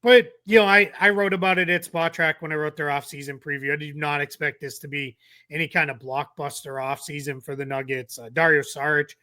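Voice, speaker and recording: A man co-hosting a casual sports talk show, animated and acting out quotes as he talks. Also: a little high, brisk. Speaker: co-host.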